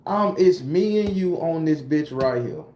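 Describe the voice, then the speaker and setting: Slightly high and expressive, he speaks at a measured pace with a somewhat mellow tone, over slight background noise. He's a tarot reader from southern Florida with a Southern US accent, casually hosting a livestream and answering chat in loose, profane slang. The room echoes.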